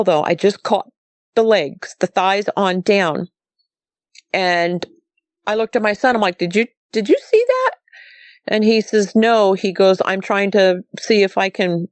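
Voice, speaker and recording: A middle-aged woman from Montana tells her story in a rambling, casual way. She keeps quoting herself and the people around her. Her voice sits at a middling pitch and is recorded dry and close. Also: no echo. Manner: rambling, quotes herself and others. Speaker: guest recounting a sighting.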